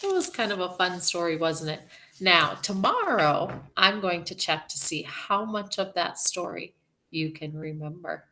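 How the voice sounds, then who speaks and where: Slow, animated woman teacher. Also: fairly low pitch. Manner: slow, expressive and gentle. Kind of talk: reading a storybook aloud to children.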